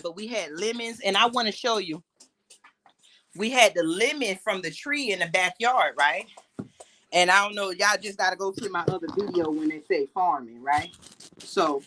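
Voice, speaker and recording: A middle-aged woman with a New York accent, chatting casually to viewers while cooking and laughing often. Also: mid-range voice. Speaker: podcast host. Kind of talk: casual cooking vlog chat.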